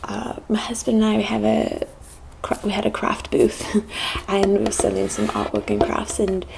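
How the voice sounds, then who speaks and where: A woman from the United States speaking in a put-on British accent, telling a personal story in a soft, whispered ASMR delivery with many hesitant pauses. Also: mid-range voice, big pitch swings, vocal fry, noisy background. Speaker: ASMR channel host.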